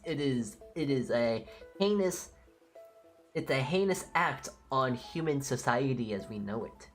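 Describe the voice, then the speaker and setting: Woman streamer, unusually deep voice, blunt and opinionated, casual live-stream chat, faint music behind. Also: animated, unhurried.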